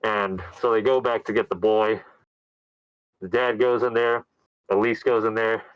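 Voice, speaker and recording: A man casually recapping a horror movie on a podcast, telling the story with lively put-on voices. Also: unhurried, clear, resonant tone, no room sound, highs cut off. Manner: animated storyteller, acts out characters in loud high voices. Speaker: podcast co-host.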